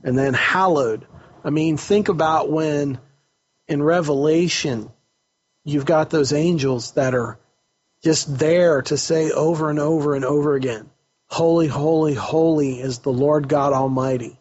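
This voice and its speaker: A husky-voiced man talks earnestly about faith, pitched a little high and often restarting his sentences as he works out a thought. The recording is dull and lo-fi. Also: a little slow, a little mellow. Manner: earnest, repeats words while searching for phrasing. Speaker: counselor host. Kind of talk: casual faith talk.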